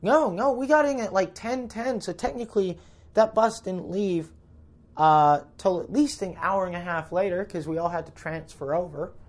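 A man's voice: high-pitched, moderate pace. A man with a Canadian accent, a comedian telling a rambling, profane road-trip story in casual podcast talk. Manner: rambling, profane, self-interrupting.

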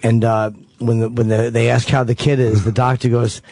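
A man joking crudely on a radio show, pitching dark prank ideas and talking about touring. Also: level tone, moderate pace, dry recording. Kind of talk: casual radio show chat.

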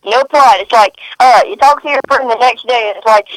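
A woman co-hosting a podcast in a casual, goofy chat, talking quickly and putting on playful voices. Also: on the high side, dry recording, rough recording. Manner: goofy, rapid, playful impressions. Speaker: podcast co-host.

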